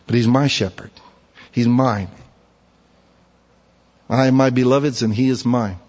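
A man preaching a sermon, telling folksy stories and switching between quiet asides and loud, emphatic points. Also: mid-range voice, steady tone, measured pace, long reverb tail, dull audio. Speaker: pastor.

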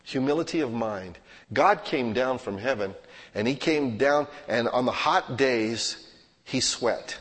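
A male pastor preaching a sermon, swinging from hushed to loud and acting out everyday scenes in quoted voices. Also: mid-range voice, unhurried. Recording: long hall reverb.

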